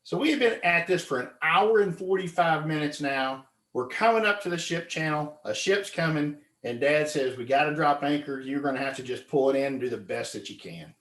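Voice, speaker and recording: A man gives a lively storytelling speech, his voice rising and falling widely as he acts out his friends. He sits a little high in pitch. The room around him rings with echo. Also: fairly quick, few pauses. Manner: animated, acts out quoted friends with loud high yells. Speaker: club speaker. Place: meeting room.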